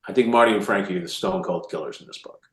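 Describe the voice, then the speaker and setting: A low-pitched man talks through ideas in a casual interview, animated and restless, often restarting and repeating words as he goes. His voice carries a noticeable room echo. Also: quick pace. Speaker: author guest. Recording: roomy echo.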